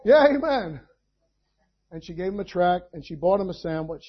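Guy preaching, high-ish husky voice, gets loud in bursts, bit muffled sound. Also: lively intonation, moderate pace, pauses often. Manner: preaching with sudden loud climbs. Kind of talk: sermon.

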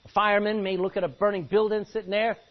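A man's voice: sits high, little pitch movement, quick pace, dull audio. A man preaching a sermon in an emphatic way, repeating phrases and calling out for amens.

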